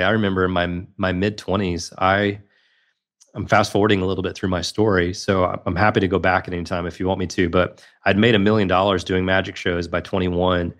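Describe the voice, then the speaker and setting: A man in his thirties, a podcast guest telling a personal story in an earnest, reflective way. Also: low-pitched.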